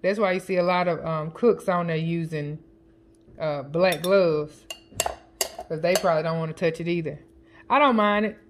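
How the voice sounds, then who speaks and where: A woman chatting casually as a home cooking vlogger, counting her seasoning shakes out loud and joking with family off camera. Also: lowish voice, normal speed, a little hiss or hum. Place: home kitchen. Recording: kitchen clatter of dishes and utensils.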